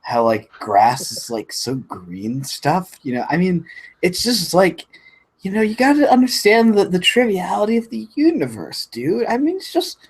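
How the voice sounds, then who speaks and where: Someone putting on a stoner dude, drawling, spaced-out, breathy voice, wildly swooping pitch. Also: big pitch swings. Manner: slow drawling, trailing off. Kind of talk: comic impression on a livestream.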